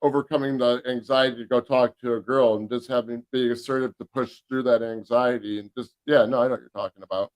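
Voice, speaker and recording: Host: an everyday mid-pitched man, agreeable and loose, fills with "you know.". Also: steady tone, fast, hardly any pauses, a little mellow, rough recording. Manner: agreeable, rambling, lots of fillers. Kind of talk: casual podcast talk.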